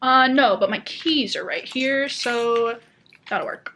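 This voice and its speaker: A woman's voice: fairly high pitch, takes it slowly, noisy background. A young woman chatting casually as a book vlogger, gushing and laughing often, with lots of "like". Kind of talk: casual chat.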